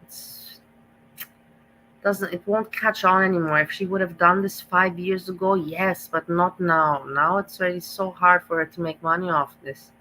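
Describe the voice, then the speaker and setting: A woman hosts a live reaction stream and comments on a video. She rambles and gossips, repeating herself and restarting often. Her voice is bright and sharp, with a faint hiss underneath. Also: lowish voice, fairly even intonation, moderate pace, poor audio.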